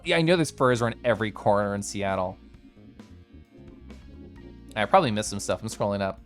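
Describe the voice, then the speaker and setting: A man from Kansas, live-streaming in casual chat as he reads and answers his chat, playful and quick to laugh. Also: faint music behind. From Kansas, United States. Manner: animated and playful, swings his pitch, laughs often.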